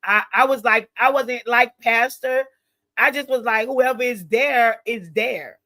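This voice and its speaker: A woman in her forties with a bright, forceful voice. She co-hosts a casual chat in an expressive, teasing way. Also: fairly high pitch, unhurried. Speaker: co-host.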